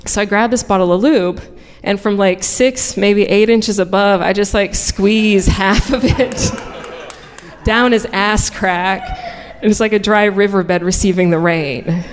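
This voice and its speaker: A woman tells a bawdy personal story on stage in a frank, comic, profane way. Her voice carries through a big hall with a long, lingering reverb. She sits in a middle pitch, neither high nor low. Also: fairly even intonation, unhurried, a little hiss or hum.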